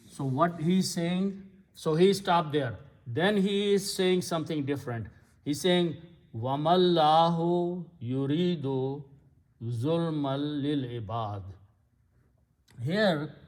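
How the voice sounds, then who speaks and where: A man giving a patient, step-by-step lecture on Arabic grammar and vocabulary. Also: medium pitch. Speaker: Quran Arabic teacher. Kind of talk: slow explanatory lecture.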